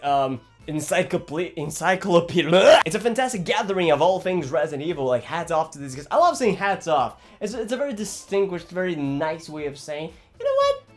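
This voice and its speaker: A young man from Brazil, chatting casually about a video game in an animated, rambling, jokey way. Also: high voice. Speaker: gaming vlogger.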